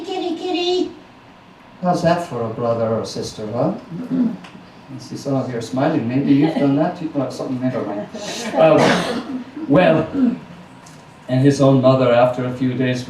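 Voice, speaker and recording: A man's voice: a little high, slight background noise. Playful male storyteller, roomy room sound. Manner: warm, playful, chatty asides. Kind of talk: live storytelling performance. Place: small house concert venue. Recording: roomy live recording from a distance.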